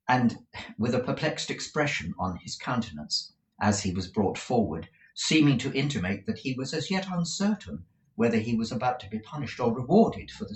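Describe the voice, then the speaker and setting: A man reading a classic novel aloud as an audiobook narrator, slow and expressive. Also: medium pitch, roomy sound. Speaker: audiobook reader. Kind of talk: scripted narration.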